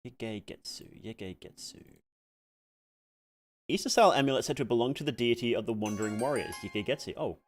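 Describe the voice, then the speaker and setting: Soft music plays behind a man live-streaming a game in an expressive, medium-pitched voice at a moderate pace. He swears liberally, reacts loudly to dying in-game, and answers chat in a rambling, filler-heavy way.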